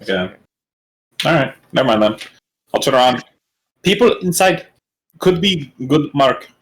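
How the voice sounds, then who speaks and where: A man's voice: medium pitch, lively intonation, a little slow, lightly acted. Man doing a terse bird-folk adventurer. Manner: clipped, broken phrasing. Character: terse male bird-folk adventurer, clipped broken speech.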